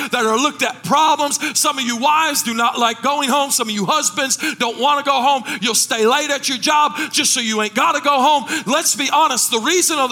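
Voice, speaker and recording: A middle-aged man preaching a sermon as pastor, impassioned, rising into shouted, sung cadences. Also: very high voice.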